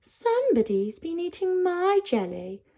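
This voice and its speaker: Woman doing a shrill, indignant mummy troll. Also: wildly swooping pitch, unhurried, mellow, exaggerated voice. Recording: dull lo-fi sound.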